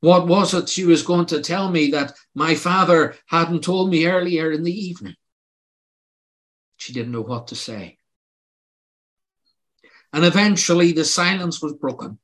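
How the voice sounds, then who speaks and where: A man's voice: fairly high pitch, measured pace, long pauses, fairly bright tone. An older man preaching a sermon, telling his own testimony in an earnest, pleading way that rises to emphatic outbursts.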